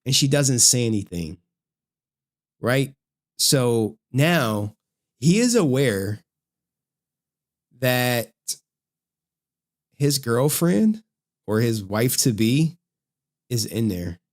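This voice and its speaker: Guy on stream recapping a movie, animated, keeps saying right?, does little voices for the quotes. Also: medium pitch, extremely slow, long pauses. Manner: animated storytelling with frequent "right?" check-ins; acts out quoted lines in shifting voices. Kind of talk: casual film recap on stream.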